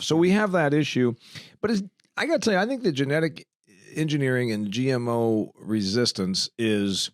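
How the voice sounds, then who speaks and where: A man's voice: mid-range voice, lively intonation, moderate pace, dry recording, studio quality. A man hosting a talk podcast, ranting bluntly and animatedly with sarcastic asides. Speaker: podcast host. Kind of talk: casual interview chat. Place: studio in Arizona.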